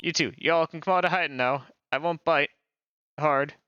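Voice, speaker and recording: A man's voice: fairly high pitch, normal speed, bright, forceful tone, dull audio, slight background noise. Man putting on a brash Southern country gal. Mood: friendly. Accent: put-on Southern US drawl. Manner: feisty, folksy, teasing. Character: brash folksy Southern country woman photographer. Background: game music.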